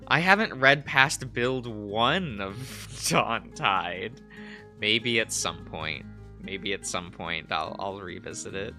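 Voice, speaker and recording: A man's voice: fairly low pitch, animated, takes it slowly, sharp tone, soft background music. A man chatting casually on a stream while drawing, giggling often and rambling as he searches for words. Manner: giggly, laughs often between phrases.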